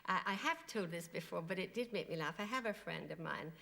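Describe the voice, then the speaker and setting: A woman guest on a TV chat show, telling animated anecdotes and laughing often. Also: lowish voice, a little fast, creaky. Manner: giggly, animated storytelling with frequent laughs. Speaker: guest impressionist. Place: TV studio.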